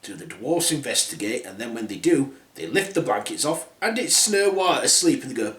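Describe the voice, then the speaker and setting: Man, crude rambling storyteller, lively pitch, roomy echo. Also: normal speed, few pauses. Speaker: storyteller host. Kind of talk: comic fairy-tale retelling.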